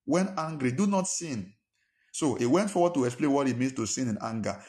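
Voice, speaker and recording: A man's voice: medium pitch, expressive, fairly quick, darkish tone. Emphatic male preacher. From Nigeria. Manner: emphatic, fires rhetorical questions, acts out quarrels in a raised voice. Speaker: pastor. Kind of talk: sermon.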